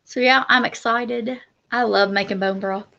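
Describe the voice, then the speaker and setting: A woman's voice: a little high, steady tone, moderate pace, vocal fry, bright, forceful tone, lo-fi sound. A woman co-hosting a homestead livestream, chatting casually and enthusiastically with lots of yeahs. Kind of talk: casual live-stream chat.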